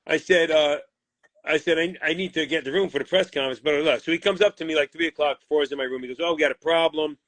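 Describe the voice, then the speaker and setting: Talking fast with a fairly high pitch, this boxing manager bluntly relays how a deal collapsed, swearing heavily and imitating the voices involved. It's a heated storytelling interview on a dry recording.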